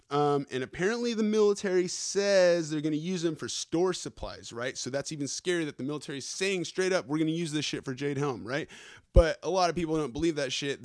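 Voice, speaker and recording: A man's voice: on the high side, dry recording, clean studio sound. A man hosting a podcast, ranting through the news in slangy, profane casual talk and tacking "right?" onto his points. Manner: slangy, keeps adding "right?" and "okay?". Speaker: podcast host.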